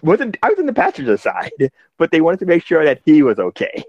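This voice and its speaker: A man's voice: fairly high pitch, huge pitch swings, fairly quick, darkish tone, dry recording. A man from New York City talks casually on a podcast, restarting his sentences and swinging his voice up and down as he tells stories. His voice is close and dry, recorded on a slightly dull, lo-fi mic. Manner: rambling, many restarts and fillers, laughing storyteller. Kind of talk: casual chat.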